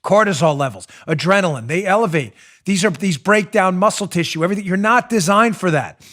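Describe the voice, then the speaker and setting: A male talk show host speaks at a slightly high pitch into a studio mic. His delivery is animated and mocking, and he often breaks into laughter while commenting. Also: a little fast.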